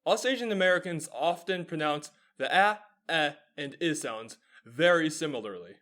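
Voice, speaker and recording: A man's voice: fairly high pitch, expressive, moderate pace, a bit bright. A young man in his twenties hosting his own show, giving a scripted explanatory monologue, earnest and posing rhetorical questions that he then answers. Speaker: show host.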